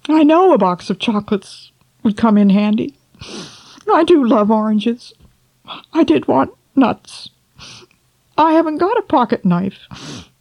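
A woman's voice: fairly high pitch, a little mellow, pitched above the performer's own voice, full character voice. A woman voicing a lonely, selfish old king who lists his wishes in a wistful, childlike way, in a storybook reading. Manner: childlike, wishful listing of wants.

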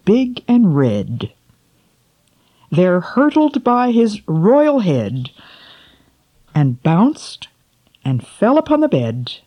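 A woman reading a poem aloud to children, then drawing a moral, slow and expressive, asking her listeners questions. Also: fairly low pitch, dry recording. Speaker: storyteller for children.

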